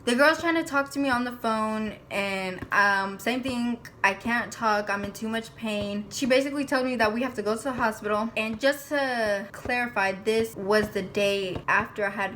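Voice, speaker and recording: A young woman with a fairly high voice tells a personal story to her camera in a loose, chatty way. She slips into quoted lines of the people she talks about. A faint hiss sits under the recording. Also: normal speed, few pauses, fairly bright tone. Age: young adult. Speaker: vlog host.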